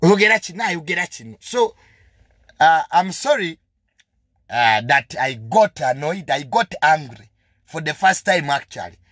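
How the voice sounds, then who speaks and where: A man's voice: a little high, big pitch swings, measured pace, fairly bright tone, dry recording, clean studio sound. A young man with a Ugandan accent delivering a heated, confrontational monologue full of emphatic repetitions. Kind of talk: heated monologue mixing English and Luganda.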